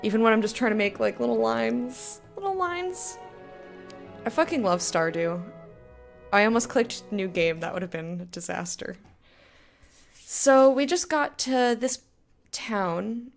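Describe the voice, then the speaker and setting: A woman's voice: mid-range voice, unhurried, soft background music. Young female game streamer, casual and rambling, easy laugher. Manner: chatty, laughs often, rambling tangents. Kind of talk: casual chat with stream viewers.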